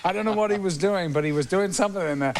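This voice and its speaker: A man, a talk show guest telling lively anecdotes and trailing off between phrases. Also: high-pitched, racing, slight background noise. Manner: animated, trails off, acts out the people he quotes. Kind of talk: anecdotal storytelling.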